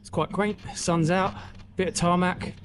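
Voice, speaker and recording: Guy vlogging on a bike ride, bit higher voice, chatty and a bit breathless, faint outdoor noise. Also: fairly even intonation, a little slow. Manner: chatty, talks to himself and the camera, swears casually. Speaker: cycling vlogger. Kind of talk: casual vlog narration while cycling. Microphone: camera mic.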